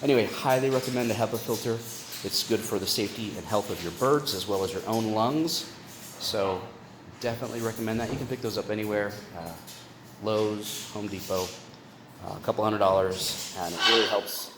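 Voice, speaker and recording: A man walking through the bird room in his house. He gives a casual vlog tour with lots of fillers and restarts, and coos at his birds in high baby talk. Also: a little fast. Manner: chatty, with many fillers and restarts. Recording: constant room noise with clicks.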